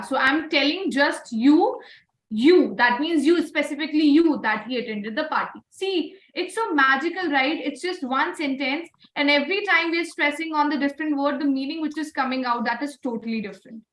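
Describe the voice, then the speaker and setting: A woman's voice: high-pitched, fairly quick, fairly bright tone. A woman leading an online communication class, encouraging students and repeating praise. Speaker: voice and communication trainer. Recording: roomy echo.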